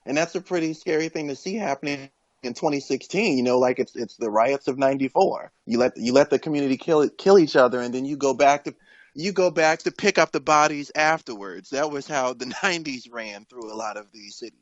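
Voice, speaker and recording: A man appearing as a guest on a podcast, talking in a measured, earnest way with frequent restarts. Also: mid-range voice, no echo, lo-fi sound. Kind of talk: casual political chat.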